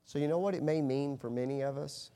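A middle-aged pastor, a man, preaching with animated storytelling that swings from hushed to loud. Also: mid-range voice, quick pace, smooth. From United States. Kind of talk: sermon.

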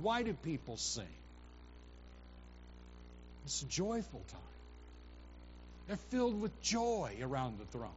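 Animated preacher, high voice, lo-fi. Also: male voice, a little slow, long pauses, slightly rough. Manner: animated preaching, rising to loud emphatic quotes. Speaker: pastor. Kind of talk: sermon. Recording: dull lo-fi recording with faint hum.

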